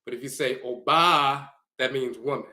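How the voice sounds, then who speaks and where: Bright-voiced man lecturing slowly. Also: medium pitch, fairly even intonation. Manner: slow, deliberate, repeats terms to spell them out. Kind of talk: lecture explaining glyphs and dialects.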